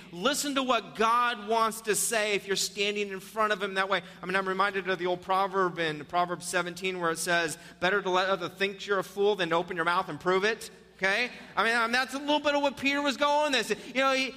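A man preaching with a high, very bright and sharp voice that rings out through a long church-hall reverb. He jumps into animated storytelling, then drops into soft, earnest appeals to his congregation. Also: moderate pace. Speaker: pastor. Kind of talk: sermon.

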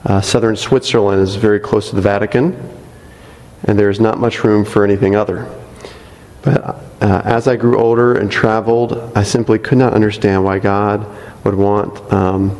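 Low-voiced man reading a testimony aloud. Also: a little mellow, in a large hall, poor audio. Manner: earnest reading broken by light asides. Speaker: church member reading a testimony. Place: church sanctuary. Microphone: microphone.

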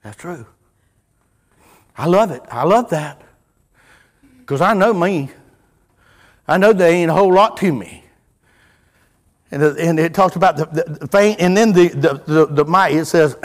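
A middle-aged man, preaching a folksy sermon full of stories, dropping to a hush and then rising loud. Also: high-pitched, animated, unhurried, long pauses. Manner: folksy, storytelling, wide swings from hushed to loud.

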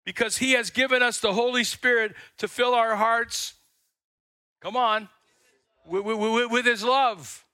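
An older man preaching a sermon as pastor, telling stories with lively acted-out quotes and frequent repeated words. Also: very high voice, a little slow, no echo, studio quality. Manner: animated storytelling, acts out quotes.

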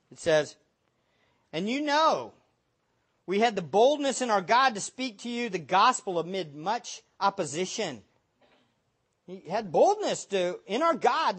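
An emphatic preacher in the middle of a sermon, with a pitch that swings up and down. Calm explanation gives way to loud, urgent calls, and scripture is read aloud between them. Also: breathy edge. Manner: emphatic, building to loud exhortation.

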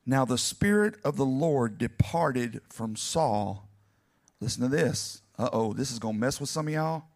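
A male preacher with a medium-pitched, animated voice speaks a little slowly. His animated sermon turns dramatic, addressing the congregation directly and building nearly to shouting.

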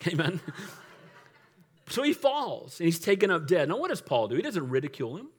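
A man's voice: fairly high pitch, very animated, a little fast, long pauses, fairly bright tone. A middle-aged male pastor preaching a sermon in a conversational, humorous way, often laughing and asking for an amen.

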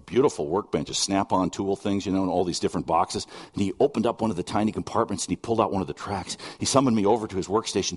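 Husky-voiced man preaching earnestly. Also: sits low, darkish tone, long reverb tail. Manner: earnest, conversational preaching with storytelling and asides. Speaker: pastor. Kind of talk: sermon.

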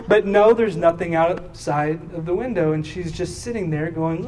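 A man's voice: high voice, normal speed, hardly any pauses. A man in his thirties, a pastor preaching a sermon and telling a family story, acting out the voices in it. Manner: animated, acts out voices in his stories. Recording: distant mic with faint room noise.

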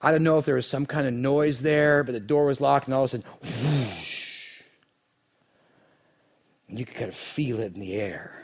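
A man preaching a sermon, telling the story dramatically and swinging from hushed lines to near shouts. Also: medium pitch, normal speed, long pauses, husky. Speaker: pastor.

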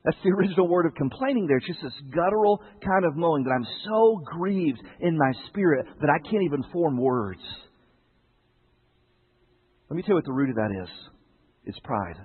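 Husky high-voiced preacher, tinny sound. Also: male voice, expressive, brisk. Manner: conversational preaching with rhetorical questions. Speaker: pastor. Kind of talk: sermon. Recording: tinny narrow-band broadcast sound.

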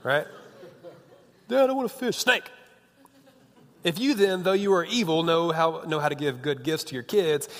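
In a fairly high, fairly bright voice, a man in his thirties preaches a loose, jokey sermon as a youth pastor. He chats along and often stops mid-sentence to start over. Long reverb from a large hall colors the recording.

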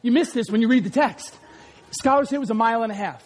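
A male pastor in his thirties preaching a lively sermon, acting out scenes and shouting at the peaks. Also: extremely high pitch, fast talker, a faint crowd. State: out of breath after acted run.

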